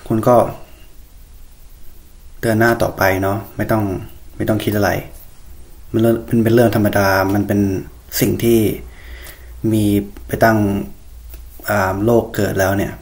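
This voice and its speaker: Flat, fast-talking male host. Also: lowish voice. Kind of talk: casual commentary.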